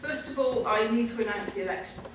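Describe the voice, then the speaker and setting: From a stage in a large hall, a woman hosts a convention, making informal, loosely structured announcements and presenting awards. Her voice is fairly high and quick-paced, and the recording is noisy and echoey, captured from far off.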